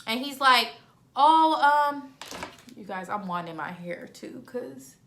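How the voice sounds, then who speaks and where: A woman in her twenties tells a storytime vlog in animated, slangy style and acts out both sides of each conversation. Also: medium pitch, normal speed, slight background noise. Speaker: vlogger.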